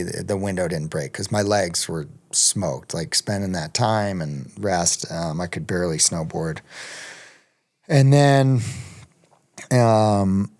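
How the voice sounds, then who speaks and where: A man's voice: fairly low pitch, a little mellow, smooth. A middle-aged man telling a long story as a podcast guest, rambling with many ums and restarts. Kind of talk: casual storytelling.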